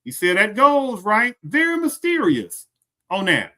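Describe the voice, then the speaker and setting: His high pitch swoops wildly as this commentary host reacts to a clip, speaking a little slowly in a pushed, bright tone. He keeps asking his audience rhetorical questions, recorded on a streaming setup.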